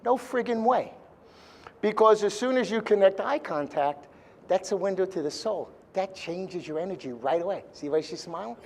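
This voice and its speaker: A man's voice: high voice, lively intonation, normal speed, vocal fry. A man speaking live to a seminar audience, blunt and joking, with mild swearing.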